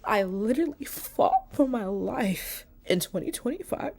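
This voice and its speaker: A woman self-filming a heartfelt motivational talk, speaking earnestly and often dropping to a hushed near-whisper. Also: on the high side, animated, unhurried. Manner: earnest, heartfelt, swears, calls viewers y'all and baby. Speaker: motivational vlogger. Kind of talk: casual motivational talk to camera. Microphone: self-filmed with a selfie light.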